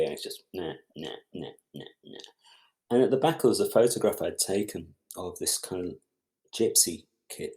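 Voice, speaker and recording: A middle-aged man, a film director and podcast guest, telling a long anecdote and acting out other people's lines as he goes. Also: sits low. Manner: lively storyteller who acts out other people's lines. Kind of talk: anecdotal storytelling in conversation.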